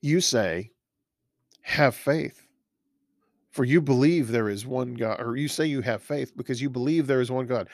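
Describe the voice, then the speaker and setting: A man's voice: mid-range voice, measured pace, no echo, clean studio sound. A man, a pastor, teaching a verse-by-verse Bible study in a conversational way, reading scripture aloud and stopping to comment on it. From Texas.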